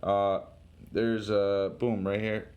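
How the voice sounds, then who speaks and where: A young man casually paging through a comic, talking in an excitable, profane, rambling way with shouted sound effects. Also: fairly low pitch, slow, clean tone, dull audio. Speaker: comic book reviewer.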